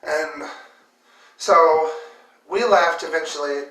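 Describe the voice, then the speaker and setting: A woman's voice: low-pitched, slow, fairly bright tone. A woman vlogger telling a personal story with emotion, full of fillers and repeated words. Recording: roomy echo, distant mic.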